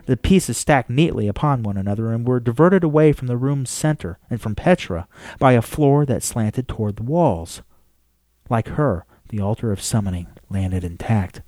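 A man reading a novel aloud in a steady storytelling manner. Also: fairly low pitch. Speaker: audiobook narrator. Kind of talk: scripted narration.

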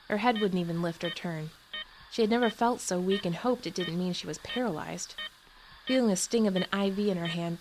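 A woman narrating a short story in a soft, measured reading voice. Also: lowish voice, noisy background. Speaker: story reader. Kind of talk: audiobook narration.

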